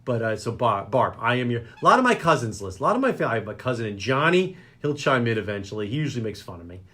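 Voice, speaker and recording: Animated joking New man. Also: mid-range voice, fast. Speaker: local radio show host. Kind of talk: casual chat show banter.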